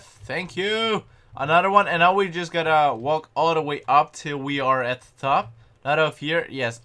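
A young man giving excitable, panicky gameplay commentary and often mocking his own mistakes. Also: fairly high pitch. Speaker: gaming channel host.

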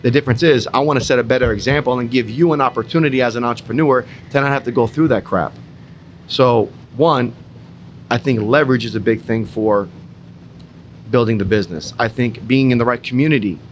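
A man's voice: mid-range voice, brisk, a little hiss or hum. Emphatic, profane young man telling a story. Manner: emphatic, repetitive, mildly profane. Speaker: entrepreneur in a roundtable. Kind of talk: casual roundtable storytelling.

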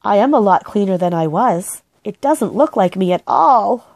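A woman's voice: mid-range voice, animated, normal speed, darkish tone, no room sound. Lady doing a meek little boy bear, earnest and polite, storybook voice. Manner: meek, crying out in alarm.

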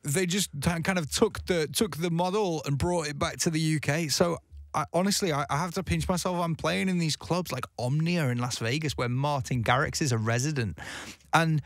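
A man's voice: on the high side, normal speed, no room sound. A young man talking casually as a guest DJ in a radio studio interview, chatty and self-deprecating, with frequent restarts.

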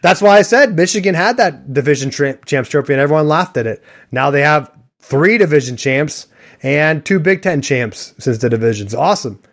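A man's voice: a little high, lively intonation, normal speed, a bit bright. A man hosting a sports podcast, rambling and joking in casual chat with a co-host.

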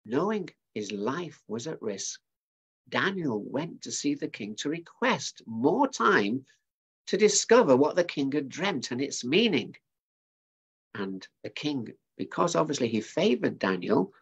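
A man's voice: medium pitch, a bit bright, husky, muffled recording. A man preaching at a family service, retelling a bible story in a chatty way with asides to his listeners.

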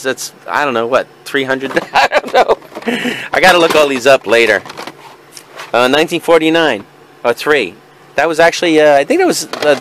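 A man's voice: medium pitch, a bit bright, slight background noise. Chuckling, rambling young male reseller. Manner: chuckling, rambling, rough-edged banter. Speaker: video game reseller. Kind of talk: casual vlog unboxing.

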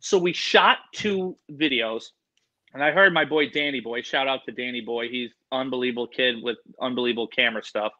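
A man, an animal expert, telling rambling, animated stories in a casual interview. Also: medium pitch, brisk, dull audio.

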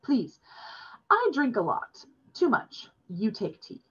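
A woman reading aloud and voicing an earnest boy who speaks broken English in a halting, insistent way. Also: a little high, wildly swooping pitch, fairly bright tone, husky, voice pushed up, full character voice. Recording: dull lo-fi recording.

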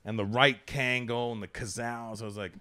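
A man from Canada hosting a podcast, telling street stories in a casual, profane, animated way. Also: medium pitch, normal speed. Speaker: podcast host. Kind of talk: casual storytelling chat.

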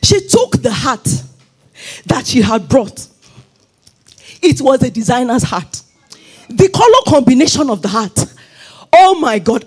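A woman pastor preaches a fervent sermon in church, her husky voice climbing and falling across a wide range. She slips easily from speech into sung, chanted phrases. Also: sits high, very animated, a little slow, pauses often, a little mellow, soft background music.

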